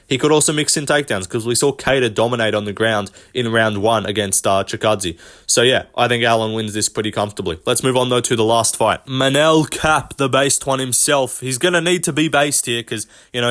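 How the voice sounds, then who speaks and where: A man hosting his own channel, talking through fight picks in a casual, opinionated way. His voice sits at an ordinary middle pitch, and he swears freely and fills gaps with um and like. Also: fairly bright tone. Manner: blunt, opinionated, profane, many ums and likes. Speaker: host. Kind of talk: casual fight-prediction commentary.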